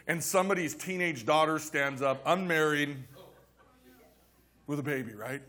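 Bright-voiced joking male pastor. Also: a little high, normal speed, pauses often. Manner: conversational, joking, acting out little scenes. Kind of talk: sermon.

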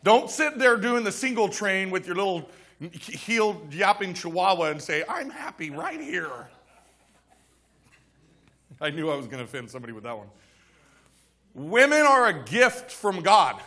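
A man's voice: sits high, sharp tone. A male pastor preaching a casual, joking sermon in church, acting out little scenes as he goes.

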